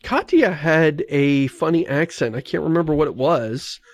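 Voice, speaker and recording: A man's voice: fairly high pitch, normal speed, dry recording. A man hosting a podcast, chatting casually and reading listener mail aloud. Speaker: podcast host. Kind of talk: casual chat.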